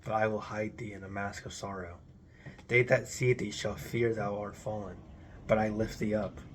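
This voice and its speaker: Low-voiced man reciting solemnly. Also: steady tone, normal speed, slight background noise. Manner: declamatory, intoned. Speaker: reader. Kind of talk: solemn recitation of an archaic religious text.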